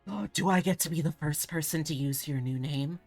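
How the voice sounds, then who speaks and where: A woman voicing a bubbly, excitable young female deer furry in a visual novel, gushing and squealing with enthusiasm. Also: low voice, brisk, faint music behind. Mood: apologetic eager.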